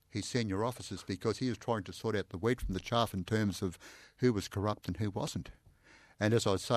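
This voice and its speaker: An older Australian man recounts his police days in an animated, anecdotal style, stacking "I said" on top of each other and laughing as he goes. His voice sits fairly low, and the sound is dry and close. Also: dry recording. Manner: animated, repeats "I said" often, laughs while telling. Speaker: interview guest, former police inspector. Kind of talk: anecdotal storytelling in conversation.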